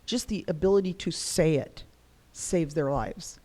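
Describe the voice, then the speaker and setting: A woman's voice: low-pitched, unhurried. Middle-aged woman guest, chatty storyteller who plays out the voices she quotes. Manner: animated, acts out quoted voices. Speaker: guest discussing spirituality. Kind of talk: casual storytelling conversation.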